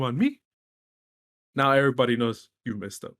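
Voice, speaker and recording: A young man from Texas, co-hosting a casual podcast chat and telling a story in an animated way, swearing freely. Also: mid-range voice, normal speed. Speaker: podcast co-host.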